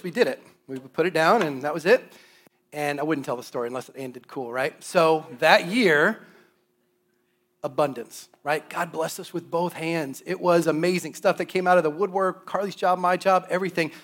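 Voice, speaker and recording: Pastor, man, 30s, fairly high-pitched voice; casual storytelling sermon that jumps loud for acted-out moments. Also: normal speed. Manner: conversational storytelling, jumps loud when acting out his own voice.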